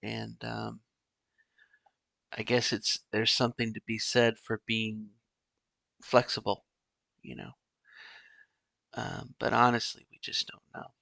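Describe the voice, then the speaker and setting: A middle-aged man hosting a podcast alone, musing in a halting, rambling way with many "you know"s and restarts. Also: on the low side, creaky, pushed and bright, no echo. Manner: wistful, resigned musing. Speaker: podcast host. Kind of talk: casual solo monologue.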